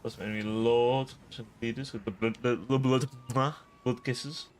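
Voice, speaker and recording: A man's voice: mid-range voice, fairly even intonation, normal speed, slight background noise. Joking, rambling male game streamer. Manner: rambling, jokey, talks to chat. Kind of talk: casual live-stream chat.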